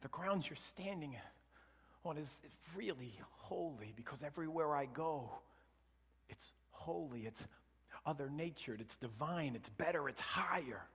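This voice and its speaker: A man delivering a sermon in a church sanctuary, his voice a little high for a man. He moves from forceful emphasis to soft, hushed whispers. A long hall reverb trails after his words. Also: expressive, a little slow, slightly rough. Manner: dynamic preaching, swinging from loud emphasis to hushed whispers. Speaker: pastor.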